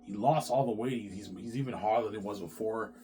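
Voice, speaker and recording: Speaking quickly in a warm, lowish voice, a male vlogger rambles through a long monologue for his viewers. He's repetitive and profane, keeps circling back and restarting his sentences, and a faint background hum runs beneath it all.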